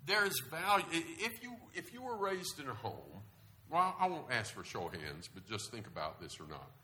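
A middle-aged man preaching a sermon, telling stories in an animated way with sudden loud bursts. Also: mid-range voice, moderate pace. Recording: echoey room.

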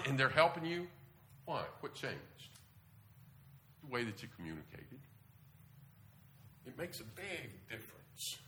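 A man preaching a sermon to a congregation in a lively, animated way, often jumping up in pitch to press a point. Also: a little hiss or hum. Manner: lively, animated delivery with sudden jumps in pitch.

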